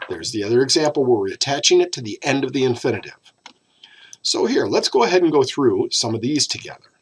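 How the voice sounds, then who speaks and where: Husky-voiced man teaching a grammar lesson. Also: medium pitch, big pitch swings. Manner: patient, explanatory, stretches key words slowly. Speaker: Spanish teacher.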